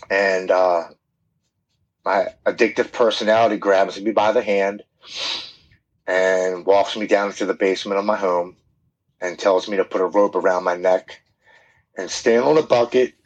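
Man, podcast guest, low voice, candid storytelling, plain-spoken, restarts his sentences. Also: dull audio. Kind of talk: personal storytelling.

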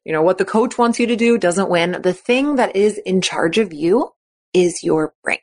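A woman's voice: medium pitch, lively intonation, normal speed. A woman podcast host coaching athletes in a chatty, encouraging way, often acting out the thoughts she quotes. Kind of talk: casual coaching talk.

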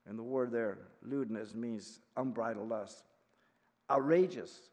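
A man in his sixties teaching a verse-by-verse Bible study as pastor, emphatic, swinging from quiet explanation to loud rebuke. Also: medium pitch, takes it slowly, long pauses. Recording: long reverb of a hall.

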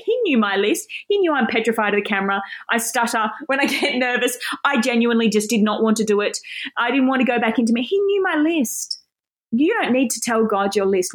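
Animated woman preaching. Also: a little high. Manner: animated, self-deprecating, laughs often. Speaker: Bible teacher. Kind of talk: casual sermon.

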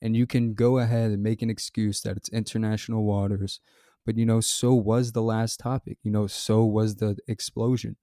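A man hosting a solo podcast, reading news details and then giving his earnest, measured opinion. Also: on the low side, level tone, warm tone, no room sound, studio quality. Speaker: podcast host. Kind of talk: scripted solo commentary.

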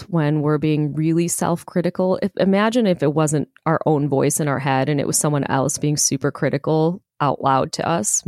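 A woman explaining self-compassion techniques in a relaxed, earnest conversation, laughing now and then. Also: sits low, no echo, clean studio sound.

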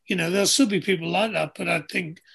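A man's voice: high voice, fast, creaky, a bit bright, husky. A man, hosting an easygoing casual chat. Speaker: podcast host, former rugby player.

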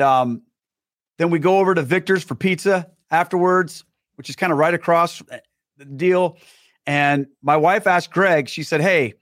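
A man telling a personal story as a podcast guest, animated, acting out the dialogue. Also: fairly high pitch, no room sound, studio quality. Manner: many fillers and restarts.

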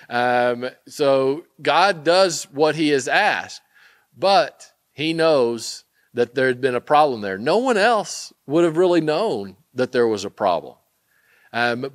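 A man's voice: mid-range voice, fairly bright tone, no room sound. A man giving a conversational sermon, retelling a scripture story with asides and many fillers. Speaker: preacher.

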